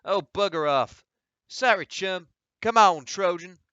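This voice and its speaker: A man's voice: on the high side, big pitch swings, measured pace, a bit bright, dry recording, highs cut off, pitched above the performer's own voice. Man doing a cocky, rude young horseman. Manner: insolent, mocking.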